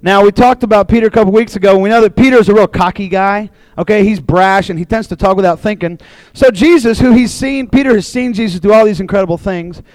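A man preaching a casual sermon to a group, telling a Bible story in a chatty, animated way. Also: sits high, fast talker, no echo, low-quality recording. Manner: chatty and animated, acting out voices in quotes. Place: room with a live audience.

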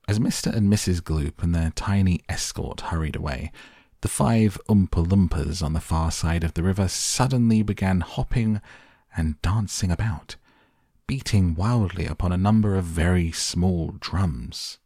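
Deep husky man reading a storybook. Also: normal speed, warm tone, no echo, clean studio sound. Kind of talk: reading a children's book aloud.

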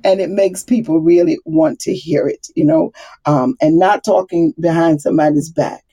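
Animated woman with a husky, mellow voice. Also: low voice, normal speed. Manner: animated, laughing, acts out quoted voices. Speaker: Bible study speaker. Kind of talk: casual faith talk.

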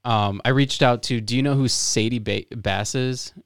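A man hosts a casual interview and chats in a relaxed way, with fillers while he searches for words. His voice is smooth and clear. The sound is dry and close. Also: medium pitch, moderate pace, no room sound. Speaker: interview host.

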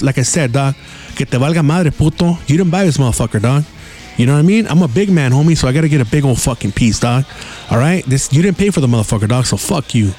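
A man's voice: mid-range voice, lively intonation, fast talker, mellow, soft background music. Profane, slangy man telling stories. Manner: profane, slangy, drops Spanish words. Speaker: podcast host. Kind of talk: casual solo storytelling.

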